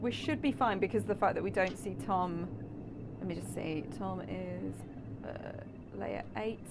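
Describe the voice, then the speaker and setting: A woman's voice: medium pitch, unhurried, background noise. A woman running the video layers in a theatre rehearsal, talking casually with lots of fillers. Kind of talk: rehearsal planning talk.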